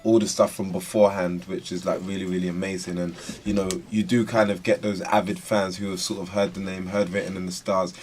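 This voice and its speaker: A man's voice: deep voice, flat delivery, brisk, hardly any pauses, darkish tone, faint music behind. A young English man with an English accent, chatting as a guest in a casual radio studio interview, often laughing and acting out what people say to him. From England. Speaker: guest musician.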